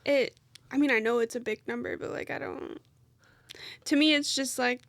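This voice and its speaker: A woman's voice: high voice, fairly even intonation, moderate pace, no echo, studio quality. A woman guest on a podcast, chatting hesitantly with many fillers. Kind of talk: casual chat.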